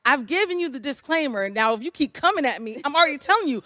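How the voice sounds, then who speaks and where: A woman with a fairly high voice talking candidly in casual conversation. Her sound is dry and close. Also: expressive, fast talker, pushed and bright, no room sound. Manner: frank, conversational, acts out her own quotes. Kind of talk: casual chat.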